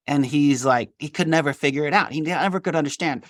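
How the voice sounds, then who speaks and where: A man's voice: on the high side, fairly quick, few pauses, dry recording, studio quality. A middle-aged man, a litigation attorney, telling a story from his work in an interview and acting out the dialogue. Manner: animated, acts out quoted dialogue.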